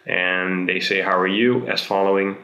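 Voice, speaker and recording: A young man with a Dutch accent talks his way through a casual language tutorial, pausing often. His voice sits low and gravelly but comes out bright. The sound has a roomy echo around it. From Netherlands. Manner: chatty, relaxed, many "uh" pauses. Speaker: video host.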